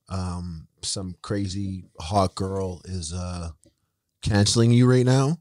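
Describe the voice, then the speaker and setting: A man's voice: deep voice, a little slow, mellow, no room sound, studio quality. A young man co-hosting a podcast, chatting loosely, swearing and acting out what others said. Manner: rambling, swears, acts out quotes of others. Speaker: podcast co-host. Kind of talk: casual chat.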